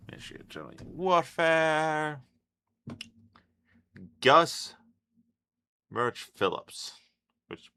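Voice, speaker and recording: A man hosting a reaction video who thinks out loud, trails off mid-sentence and cuts in with offhand asides. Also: sits low, vocal fry, slight background noise. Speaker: reaction channel host. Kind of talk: casual reaction commentary.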